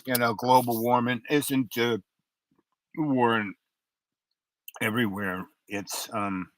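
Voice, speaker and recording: An older man hosting his own talk show, talking in a rambling, halting way with many fillers. His voice sounds unusual because of an old throat injury. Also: mid-range voice, steady tone, dry recording, low-quality recording. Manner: halting, many fillers and restarts, stutters under strain. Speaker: show host. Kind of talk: rambling monologue.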